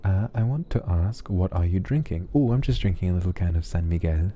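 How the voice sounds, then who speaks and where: A man streamer reading out viewer donation messages in a sleepy ASMR style, soft, affectionate and relaxed, close to the microphone. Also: deep voice, fairly quick, a little hiss or hum.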